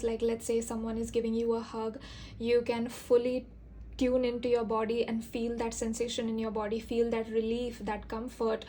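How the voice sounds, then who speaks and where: A woman talks softly through a tarot reading, her fairly high voice staying level and even as she reassures her listener. Her manner is earnest and gentle, full of little fillers. A faint hiss sits under the recording. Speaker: tarot reader. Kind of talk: intuitive tarot reading to camera.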